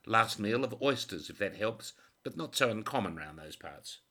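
A man's voice: on the low side, lively intonation, moderate pace, pushed and bright. A man doing a blunt, clinical pathologist. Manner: clinical, matter-of-fact. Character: blunt forensic pathologist professor, dry and matter-of-fact.

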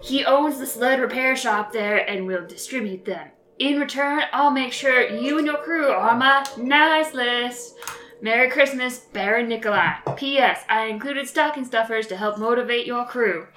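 A woman's voice: a little high, moderate pace, pushed and bright, echoey room, faint music behind. A woman voicing a jolly Santa-like baron, reading a letter in a put-on Southern drawl. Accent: put-on American Southern. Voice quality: folksy drawl.

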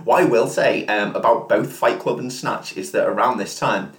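Enthusiastic Scouse podcaster in an echoey room. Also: male voice, mid-range voice, moderate pace, fairly bright tone. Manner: enthusiastic, calls his friend mate. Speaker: podcast co-host. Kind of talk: casual podcast chat.

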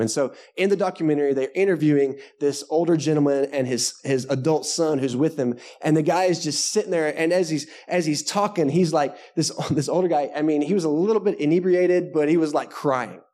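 A male pastor delivers a sermon to a live congregation in a conversational, joking way. His voice sits slightly higher than most men's. He drops self-deprecating asides between his points. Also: warm tone. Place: church service before a live congregation.

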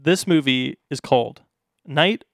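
Man, fairly high voice, chatty hesitant co-host, dry close sound. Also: measured pace, gravelly, a bit bright, no echo. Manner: chatty, hesitant, lots of fillers. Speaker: podcast co-host. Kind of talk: casual movie chat.

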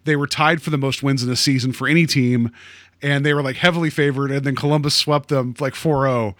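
A man co-hosting a podcast, chatting casually at a middling pitch. He rambles, and his talk is full of "like" and other fillers. The sound is dry and close, with no room around it. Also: fairly even intonation, brisk, a bit bright, no echo. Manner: rambling, filler-heavy with many "like"s. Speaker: podcast co-host. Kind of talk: casual chat.

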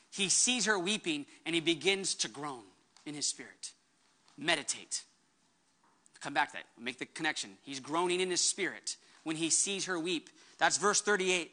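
A woman's voice: low-pitched, sharp tone. A woman pastor delivering a sermon with emphatic preaching, acting out the words she quotes.

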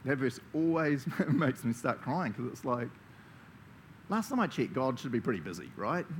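A man's voice: medium pitch, very animated, moderate pace, a little hiss or hum. A man with a New Zealand accent preaching a conversational sermon, enthusiastic and chatty, laughing often as he talks. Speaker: pastor.

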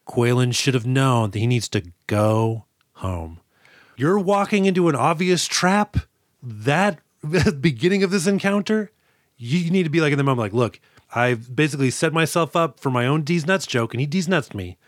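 A man's voice: medium pitch, lively intonation, normal speed, dry recording. Dry-sounding joking man co-hosting a podcast. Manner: jokey, acts out movie quotes with laughs. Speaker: podcast co-host. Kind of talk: casual chat.

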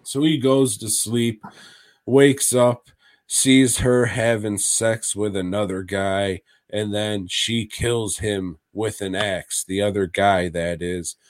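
Brief: male podcast co-host, crude and rambling, unhurried, dry close sound. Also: fairly low pitch, steady tone, no echo. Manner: crude, rambling recaps with laughs. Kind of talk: casual podcast chat.

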